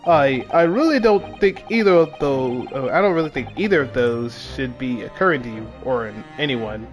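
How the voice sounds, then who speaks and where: A man's voice: mid-range voice, animated, moderate pace, hardly any pauses, faint music behind. A man streaming a game, rambling casually in a laid-back way between lines of dialogue. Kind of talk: casual gameplay commentary.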